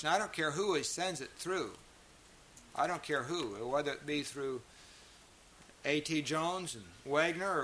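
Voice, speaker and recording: A man preaches to a gathered congregation in a bright, forceful voice pitched a little high. He drives his points home with emphasis and keeps turning to the listeners with rhetorical questions. A faint hiss sits under the recording. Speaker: pastor. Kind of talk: sermon. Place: church meeting.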